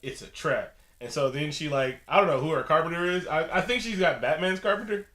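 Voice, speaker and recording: A man on a casual podcast, recapping a horror movie in an animated way and acting out the characters' lines. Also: a little high, fast talker, reverberant. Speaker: podcast co-host. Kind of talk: casual movie review chat.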